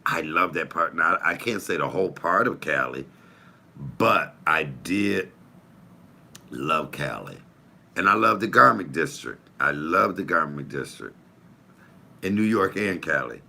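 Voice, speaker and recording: A man talks loosely to his viewers. His voice sits deep yet comes out bright and forceful. He tells animated stories full of cussing and teasing asides. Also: gravelly. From Detroit, USA. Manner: animated, swearing storyteller with playful asides. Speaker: comedian hosting a live chat show. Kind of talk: casual chat to viewers.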